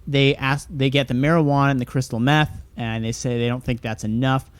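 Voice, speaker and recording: A man co-hosting a podcast, reading out news stories in a relaxed, halting way. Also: mid-range voice, smooth, dry recording. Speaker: podcast co-host. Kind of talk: casual chat, reading headlines.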